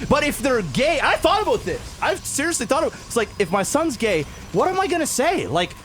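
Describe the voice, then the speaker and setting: A man with a high voice that swings up and down talks through a game cast. He is blunt, swears freely and rambles openly, with faint background noise under the recording. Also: big pitch swings, brisk, a bit bright. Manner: profane, blunt and easily laughing. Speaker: game caster and podcast host. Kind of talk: casual esports commentary.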